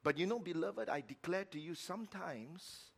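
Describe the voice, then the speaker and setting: A middle-aged man preaching a sermon as pastor, telling a story with emphatic repetition and sudden swings between loud and quiet. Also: high voice, animated, moderate pace, gravelly, breathy edge. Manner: repeats words for emphasis.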